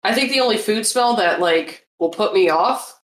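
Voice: mid-range voice, lively intonation, normal speed, a bit bright. Casual podcaster in an echoey room. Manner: casual, profane. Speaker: podcast co-host. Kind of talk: casual chat.

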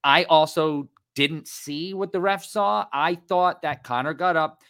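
A man in his thirties co-hosting a casual fight podcast, animated and rambling, swearing freely. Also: on the high side, a little slow, smooth. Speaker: podcast co-host.

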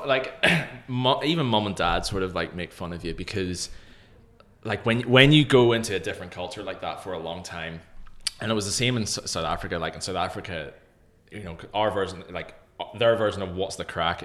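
Animated young man, low voice. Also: moderate pace. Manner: animated storyteller, often acting out other people's lines. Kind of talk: casual podcast chat.

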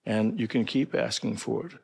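A man who is an archbishop, a podcast guest chatting casually about faith and telling anecdotes with chuckles and halting restarts. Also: on the low side, vocal fry, darkish tone, husky. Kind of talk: casual spiritual chat and anecdotes.

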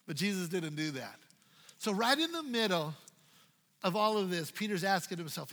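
A male pastor preaching a sermon in a playful, dynamic way, swinging from loud to hushed. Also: high-pitched, big pitch swings, normal speed, in a large hall, heavy background noise.

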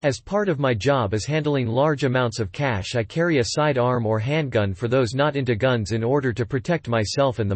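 Husky man reading a story. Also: medium pitch, no room sound. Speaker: narrator. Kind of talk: scripted story narration.

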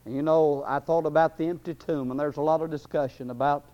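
A man's voice: a little high, steady tone, quick pace. A man preaching a sermon, impassioned and building, with frequent fillers. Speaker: pastor. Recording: dull lo-fi recording.

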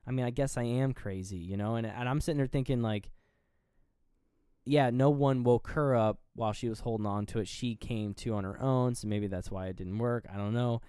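A man's voice: medium pitch, a little fast, warm tone, clear, resonant tone, no room sound, clean studio sound. A man co-hosting a podcast, casually retelling a horror movie scene by scene, rambling, swearing freely and laughing at himself. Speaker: podcast co-host.

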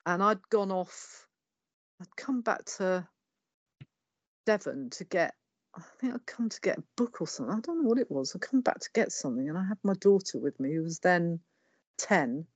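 Animated and fairly low-pitched, this middle-aged Englishwoman with an English accent speaks at a moderate pace with no echo. A podcast guest, she candidly tells her life story, cursing freely and reenacting people's words bluntly.

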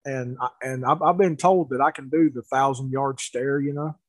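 A man telling a story in casual chat, animated, with laughs and restarts. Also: mid-range voice, normal speed, no room sound, poor audio.

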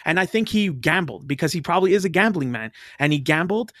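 A Canadian man talks quickly in a relaxed podcast chat, his voice a bit higher than most. He gets animated and slips into quoted voices as he argues his point. The sound is dry and close to the mic. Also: no room sound. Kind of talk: casual chat.

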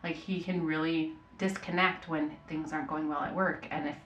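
A woman's voice: deep voice, moderate pace, roomy sound, muffled recording, slight background noise. A woman in her thirties, a podcast guest telling stories in casual chat and acting out what people said. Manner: animated storytelling, acts out quotes.

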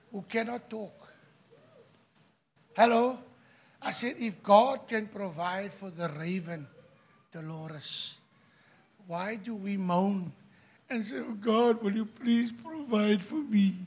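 A South African man preaching a sermon, mixing Afrikaans into his English and swinging from quiet asides to loud declarations. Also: sits high, takes it slowly, pauses often, husky.

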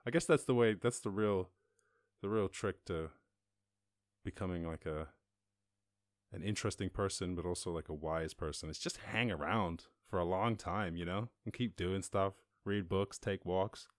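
West Cork man with a low voice, rambling casual podcast host, dry close sound. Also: normal speed, dry recording. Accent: West Cork Irish. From West Cork, Ireland. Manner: rambling, laid-back, sweary, laughs often. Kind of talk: casual solo monologue.

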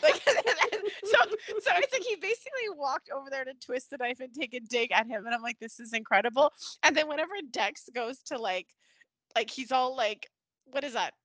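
Woman, podcast co-host: high-ish, very animated delivery, acts out lines mid-recap, dry room. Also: normal speed, dry recording. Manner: animated, acts out characters' lines, laughs often. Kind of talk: casual chat.

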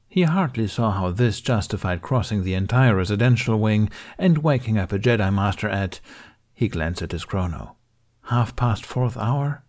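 Low-voiced man reading a story. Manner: measured, even storytelling. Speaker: reader. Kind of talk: scripted fan fiction narration.

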